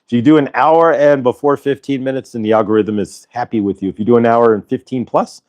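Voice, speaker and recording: A man's voice: mid-range voice, fast talker, darkish tone. A man hosting a casual spiritual livestream, talking in an upbeat, rambling way and reading viewer comments aloud. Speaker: livestream host.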